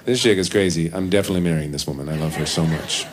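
A man's voice: deep voice, very fast, background noise, pitched below the performer's own voice, lightly acted. A man voicing a gloomy, indifferent young rock star as part of a comedy story, mumbling with a sighing, careless manner. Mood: smitten. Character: mopey, apathetic famous male rock star, young adult.

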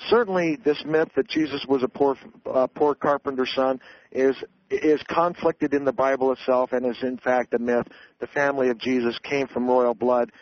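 A man's voice: medium pitch, fairly even intonation, normal speed, no echo. A man, an author, explaining his views in a radio interview in an earnest, lecturing way, often restarting his sentences. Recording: dull, dry radio audio.

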